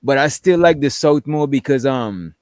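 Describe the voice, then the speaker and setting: A laid-back man from Guyana chats in slang, his voice sitting at an ordinary pitch. The sound is close and dry. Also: lively intonation, moderate pace, a little mellow, no echo. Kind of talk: casual group chat.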